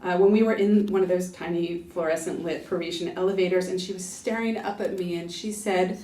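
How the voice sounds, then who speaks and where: A woman's voice: fairly low pitch, fairly even intonation, fairly quick, mellow. A woman in her forties gives a chatty, self-deprecating book talk to a live audience and laughs often. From United States. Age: 40s. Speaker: author giving a book talk. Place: library event room. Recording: echoey room, voice from far off.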